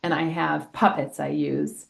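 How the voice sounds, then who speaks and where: A middle-aged woman, an elementary school health educator, explaining in a lively way with examples in a casual interview. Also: deep voice, measured pace, vocal fry.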